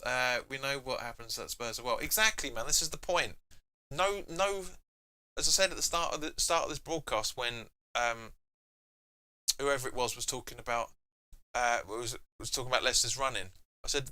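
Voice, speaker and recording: A young man hosts a live football watch-along, reading out viewer comments and talking back to them in a loose, chatty way. His voice is very bright and forward, at a middle pitch, and now and then he erupts into shouts at the match. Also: smooth. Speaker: fan channel host.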